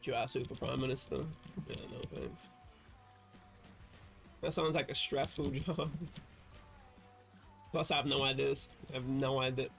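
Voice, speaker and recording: A man's voice: mid-range voice, steady tone, normal speed, gravelly, long pauses, fairly bright tone, soft background music. A man chatting casually while playing a video game on a livestream, rambling and correcting himself with wry asides. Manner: rambling, self-interrupting, wry. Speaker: streamer.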